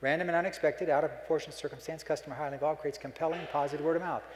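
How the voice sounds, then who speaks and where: A man's voice: on the high side, steady tone, very fast. Folksy joking man in an echoey hall. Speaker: keynote speaker. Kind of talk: humorous keynote speech. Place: conference hall.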